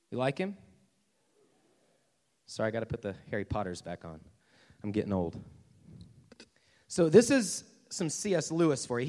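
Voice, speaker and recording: A man in his thirties preaches to a youth crowd, joking and speaking right to them in a fairly high, animated voice. The sermon rings through a large hall with a long reverb. His delivery swings widely in pitch.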